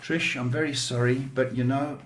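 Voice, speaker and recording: A man's voice: medium pitch, fairly even intonation, moderate pace, slight background noise. A man hosting a live psychic tarot stream, chatty and teasing, calling listeners babe as he gives readings. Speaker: psychic tarot reader and host. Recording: echoey room.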